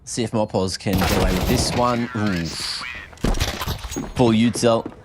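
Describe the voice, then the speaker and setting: An Australian man casting an esports match, joking in relaxed, slangy banter. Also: fairly low pitch, measured pace, very noisy. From New South Wales, Australia. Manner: laid-back, jokey, slangy. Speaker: esports caster. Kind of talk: casual live commentary banter. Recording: loud game gunfire behind.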